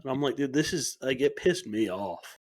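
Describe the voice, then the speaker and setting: A man's voice: medium pitch, animated, normal speed, darkish tone. A young man co-hosting a casual podcast, telling stories with energy, acting out quoted dialogue and swearing freely. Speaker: podcast co-host. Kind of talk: casual chat.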